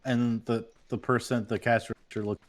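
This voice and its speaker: A man's voice: mid-range voice, little pitch movement, a little fast. A man from Minnesota chatting casually and joking while streaming a game. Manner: joking, playful, slips into silly mock accents. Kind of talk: casual gaming chat.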